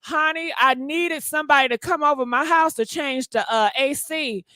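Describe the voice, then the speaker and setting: Sassy high-voiced woman gossip host. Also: normal speed, bright, forceful tone, dry recording, studio quality. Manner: sassy, talks straight to viewers, calls them honey. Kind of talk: casual livestream gossip chat.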